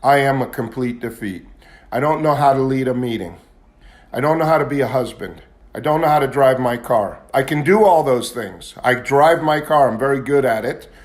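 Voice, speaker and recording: A man's voice: mid-range voice, normal speed. A man giving a candid, confessional talk at a recovery meeting, at times building into agitated intensity. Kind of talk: personal testimony talk.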